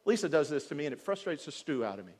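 A male pastor preaching a sermon in earnest, dropping to quiet tones and then rising loud, often putting questions to the congregation. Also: fairly high pitch, big pitch swings, rapid-fire. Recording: long hall reverb.

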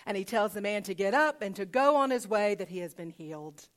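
A woman's voice: medium pitch, lively intonation, fairly quick, few pauses. A woman pastor preaching a sermon conversationally, asking rhetorical questions and repeating phrases for emphasis.

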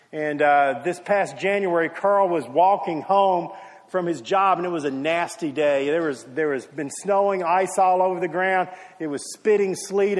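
A male pastor delivering a sermon in a notably high voice. He leans into stories with emphatic, dramatic rises. His voice rings with the long reverb of a large hall.

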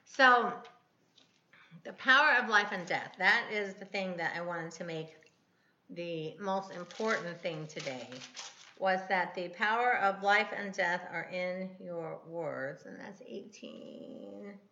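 A woman's voice: lowish voice, slow pace, pushed and bright, reverberant, lo-fi sound. A woman in her fifties, a podcast host rambling and correcting herself in a casual devotional talk. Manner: chatty, rambling, self-correcting.

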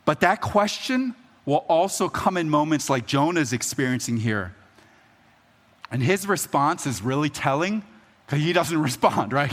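A man's voice: a little high, fairly bright tone, in a large hall. A man preaching a sermon in a conversational, joking way, often checking in with the audience. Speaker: pastor.

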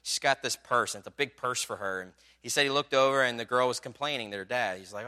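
A man delivers a sermon in a conversational storytelling way, full of little fillers. His voice is bright and forceful, smooth and crisp. He builds toward loud, emphatic moments. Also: medium pitch, fast talker, few pauses. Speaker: pastor.

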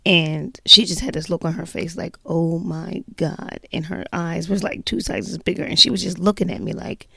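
Mom telling her story, low gravelly voice, chatty, lots of "you know", dry close sound. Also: fairly even intonation, fairly quick, hardly any pauses, bright, forceful tone, no room sound. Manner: chatty, many "you know" fillers, emphatic. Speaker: mother telling a personal story. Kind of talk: casual personal storytelling.

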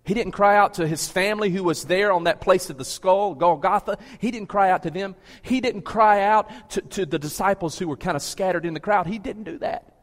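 A man preaching a sermon to a large congregation, asking rhetorical questions and swinging between low, quiet pleading and loud, emphatic preaching. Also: big-room sound. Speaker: pastor. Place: large church with a balcony.

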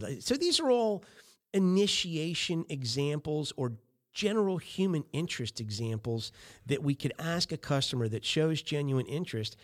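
A man's voice: on the high side, lively intonation, normal speed. A middle-aged man hosting a podcast, giving casual coaching on small talk with lots of fillers and acted-out sample chats. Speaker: podcast host.

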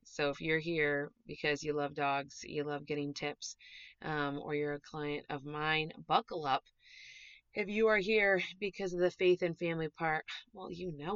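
A woman hosting her own podcast as a dog trainer, chatty and animated, gushing as she talks in a casual way. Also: sits low, clean tone, dry recording. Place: small closet recording space. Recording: dull, dry closet recording.

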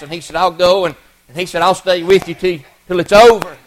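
A man's voice: high voice, fairly even intonation, quick pace, low-quality recording. A middle-aged man, preaching a folksy, earnest sermon story with many restarts and repeated words.

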